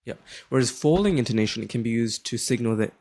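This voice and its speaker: A young man, explaining a lesson in a relaxed, casual way and often checking in with "right?". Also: medium pitch, fast talker. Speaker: tutor.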